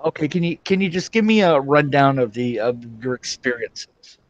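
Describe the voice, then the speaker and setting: A man hosting an interview, asking measured, probing questions. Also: medium pitch, expressive, highs cut off. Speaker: host.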